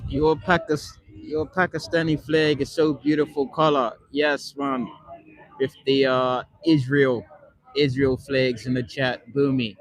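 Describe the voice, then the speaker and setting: A man's voice: mid-range voice, flat delivery, unhurried, no echo, rough recording. A man on a live stream, reading and answering chat in a rambling, casual way, swearing often and ending most lines with "man". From not born in Britain. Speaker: livestreamer. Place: London.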